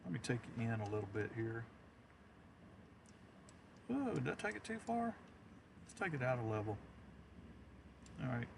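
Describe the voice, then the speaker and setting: A man's voice: medium pitch, very animated, moderate pace, creaky, long pauses, noisy background. Chatty storm-chasing man in a car. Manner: chatty, rambling storyteller who chuckles often. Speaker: storm chaser streaming live. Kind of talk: casual live-stream chat.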